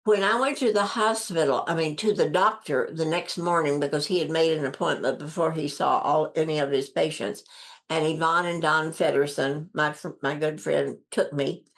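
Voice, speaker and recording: An older woman with a deep, low-set voice recounts her own story for an interviewer. She speaks earnestly and with emphasis, repeating key phrases and lifting her voice to play out what others said. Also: fairly even intonation, moderate pace. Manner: earnest, acts out quoted dialogue with lifted voice. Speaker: guest.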